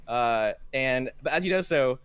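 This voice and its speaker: A man's voice: medium pitch, animated, unhurried, fairly bright tone, clean tone, dry recording. A young man running a tabletop game as game master, rambling through his narration with many restarts. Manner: rambling, full of fillers and restarts, laughs at himself.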